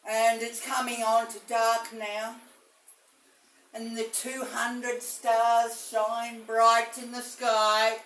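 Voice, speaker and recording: Woman, spiritual storyteller, slow and halting, roomy far-off recording. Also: fairly high pitch, a bit bright. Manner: halting, many fillers and restarts. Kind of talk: rambling first-person visionary narration. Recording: echoey room, mic far off.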